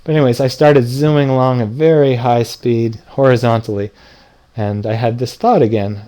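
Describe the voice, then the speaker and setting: A middle-aged man with a soft, mellow voice tells a dream to a live audience in easy conversational speech. He jumps into quoted lines with a lifted, livelier voice, then settles back into the story. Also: medium pitch, fairly even intonation, moderate pace. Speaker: lucid dreaming teacher. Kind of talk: casual talk retelling a dream to an audience.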